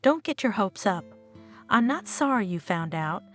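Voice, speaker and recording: A woman's voice: mid-range voice, very animated, normal speed, fairly bright tone, faint music behind. A woman reading the lines of a cold, defiant cheating husband who talks down to his wife. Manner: defiant, dismissive. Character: cold, cheating husband, middle-aged man.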